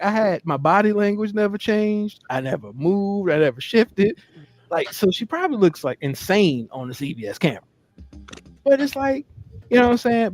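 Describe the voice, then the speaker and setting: Animated storytelling man, profane. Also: high voice. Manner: animated, profane, acts out quotes. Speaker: podcast host. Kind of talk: casual storytelling. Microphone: studio mic on a live stream.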